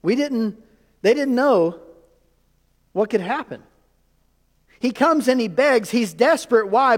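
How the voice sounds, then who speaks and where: A man preaching a sermon in a church, animated and full of rhetorical questions to the congregation. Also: high voice, long reverb tail. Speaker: pastor. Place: church sanctuary.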